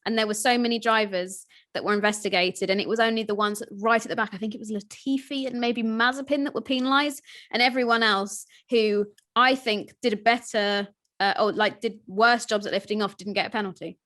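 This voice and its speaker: A woman's voice: fairly high pitch, steady tone, a little fast, fairly bright tone. A young woman co-hosting a casual podcast chat over a call, talkative and laughing often. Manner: chatty, laughs often, puts on mock voices. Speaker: podcast co-host. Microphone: video call.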